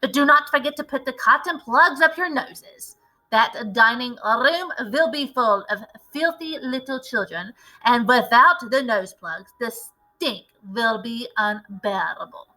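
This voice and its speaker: Imperious witch queen, barking orders, bright and high, voiced by a woman. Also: a little slow, faint music behind, poor audio. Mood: commanding. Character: commanding, ruthless female witch leader.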